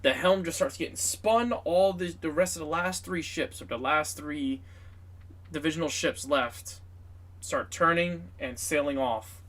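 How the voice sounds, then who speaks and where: A man's voice: a little high, unhurried, fairly bright tone. A man narrating a tabletop game as game master, in a casual, filler-heavy, profane way.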